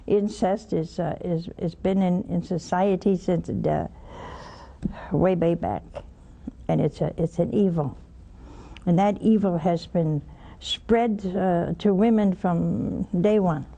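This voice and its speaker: A woman's voice: fairly low pitch, slow pace, gravelly, dark tone. An older woman hosting a religious call-in show, preaching emphatically, scolding and mocking. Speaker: religious TV host taking calls.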